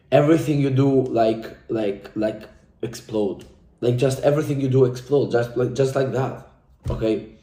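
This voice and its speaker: Young man, dark mellow tone, fervent repetitive testimonial, echoey room. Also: mid-range voice. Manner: intense, profane, repetitive, speaks from the heart. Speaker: coaching client giving a testimonial. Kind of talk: emotional motivational testimonial.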